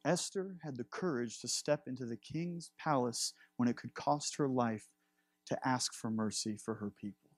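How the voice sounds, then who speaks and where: Husky-voiced preacher man. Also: medium pitch, moderate pace, no echo. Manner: earnest, building emphasis. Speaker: pastor. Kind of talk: sermon.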